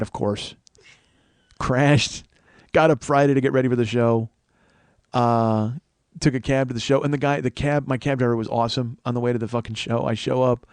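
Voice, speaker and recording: A man's voice: mid-range voice, no room sound. A man hosting a podcast, telling a long profane story and acting out the people in it. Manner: animated, swearing, acts out quoted people. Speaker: comedian and podcast host.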